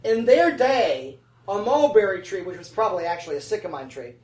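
With a mid-range, slightly mellow and expressive voice, a preacher talks a little fast in a chatty, conversational sermon, frequently checking in with the congregation with "right?" and "amen?". A distant mic gives it a roomy sound.

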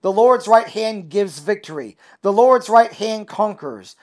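A man's voice: high-pitched, lively intonation, unhurried. A middle-aged man preaching a sermon, reading scripture aloud and commenting on it, stretching key words for emphasis, with hesitant fillers in between.

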